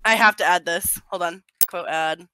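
A woman's voice: fairly low pitch, moderate pace, bright, forceful tone, clean tone. An American woman with a sore throat, giggling as she hosts an online card game with friends and reads cards aloud with drama. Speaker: streamer hosting a card game. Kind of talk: casual gaming chat.

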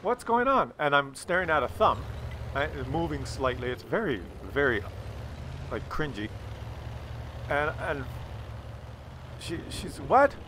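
While playing a game, a man spins a humorous family tale, bringing its characters to life in an animated way for his gaming video. He speaks unhurriedly in a mid-range voice, pausing often, with a little hiss or hum in the audio.

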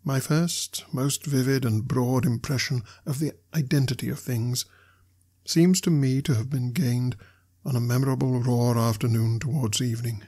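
Husky-voiced male audiobook narrator. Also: mid-range voice, steady tone, normal speed, warm tone. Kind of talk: reading a classic novel aloud.

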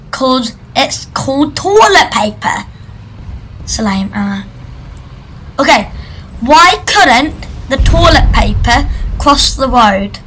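High, bright-voiced woman gaming. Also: slight background noise, low-quality recording. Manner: chatty, jokey, shrieks at game events. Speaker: gaming video creator. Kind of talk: casual gaming commentary. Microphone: computer microphone.

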